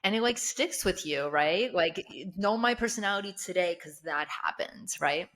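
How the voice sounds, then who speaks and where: A woman in her thirties co-hosts a casual podcast chat, her first language Russian. Her voice sits a little low. She talks candidly, often laughing and acting out her own asides. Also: expressive, moderate pace, a bit bright. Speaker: podcast co-host.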